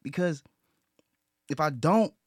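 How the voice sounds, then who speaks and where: A man's voice: fairly high pitch, expressive, slow pace, slightly rough, dry recording. A man talking earnestly in casual conversation, repeating himself and restarting his sentences. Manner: earnest, repetitive, with frequent restarts and profanity. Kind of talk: casual talk.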